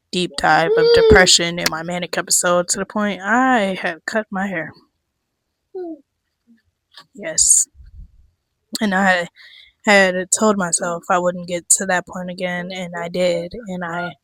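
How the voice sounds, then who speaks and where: A young woman chatting casually to camera about her year, candid, swearing freely and laughing often, her voice going hoarse. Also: fairly low pitch, normal speed, dry recording. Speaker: vlogger.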